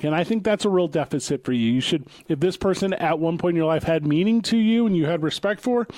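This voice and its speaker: Podcast guy, deadpan fake-serious lecturing, kinda high voice, dry sound. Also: no echo. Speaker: podcast co-host. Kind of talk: casual comedic banter.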